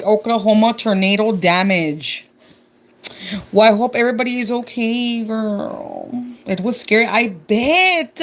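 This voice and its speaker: Texan woman, young, unhurried live-stream chatter, reads comments aloud. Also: on the high side. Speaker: livestreamer. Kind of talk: casual live-stream chat.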